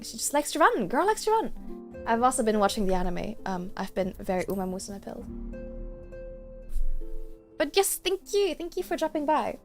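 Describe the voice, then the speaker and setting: A woman's voice: a little high, vocal fry. A young woman streaming games, chatting casually and gushing to her chat with giggles.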